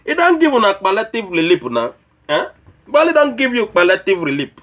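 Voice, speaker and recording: A man's voice: sits high, wildly swooping pitch, fairly quick, a bit bright. Scolding Nigerian Pidgin-speaking man. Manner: preachy, scolding, mocks with rhetorical questions. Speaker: online commentator. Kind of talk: political rant.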